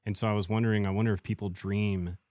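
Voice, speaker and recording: A laid-back man co-hosts a casual podcast, joking around and talking in slang. His voice sits very low, and the recording is dry and close. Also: level tone, fast, a little mellow, no echo. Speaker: podcast co-host. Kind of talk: casual chat.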